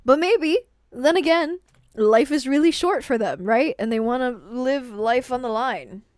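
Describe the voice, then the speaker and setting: A woman's voice: sits high, a little slow, no echo, clean studio sound. A woman streaming herself as she reacts to a movie, chatting casually, rambling, and often repeating words as she trails off. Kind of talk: casual live-stream commentary.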